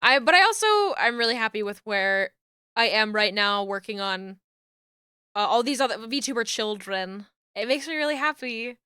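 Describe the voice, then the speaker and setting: A woman's voice: mid-range voice, normal speed, sharp tone, smooth, no room sound, clean studio sound. A young woman streamer chatting casually and rambling while she works, laughing often. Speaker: streamer and VTuber rigging artist.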